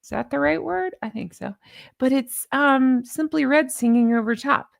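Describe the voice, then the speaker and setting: A woman's voice: sits high, normal speed, gravelly. A woman vlogger with a slight Southern American accent, rambling chattily and teasing herself with giggles. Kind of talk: casual chat to camera.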